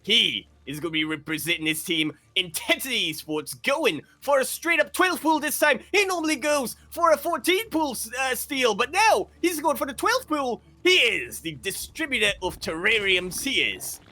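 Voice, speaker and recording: A man doing a put-on voice of an over-the-top male tournament announcer, with a drawn-out showman delivery. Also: very high voice, big pitch swings, sharp tone, voice pushed up, heavily acted. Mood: hyped.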